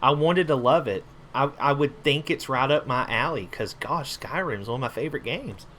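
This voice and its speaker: A man's voice: mid-range voice, moderate pace, fairly bright tone, slight background noise. A man giving rambling, casual gameplay commentary, swearing freely as he plays. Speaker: gamer.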